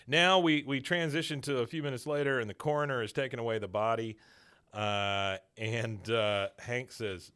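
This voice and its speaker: A man's voice: medium pitch, fairly even intonation, a bit bright, smooth. Male podcast host, casual recap, laughs a lot, mid-range voice. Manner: storytelling, quick to laugh, acts out quotes.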